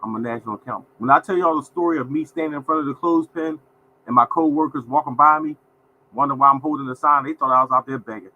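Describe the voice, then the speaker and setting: A man's voice: mid-range voice, lo-fi sound, slight background noise. A man in his fifties hosting a casual livestream, folksy and repetitive, often calling out to viewers as y'all. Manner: folksy, repeats phrases, addresses viewers as y'all. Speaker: livestream host.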